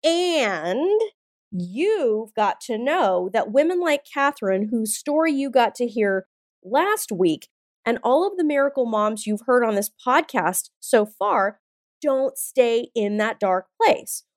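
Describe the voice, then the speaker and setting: A woman in her forties, voice on the high side, hosts a motivational podcast slowly but very animatedly. Her delivery is punchy, blunt, and emphatic with lots of swearing, captured in a dry studio recording with faint music.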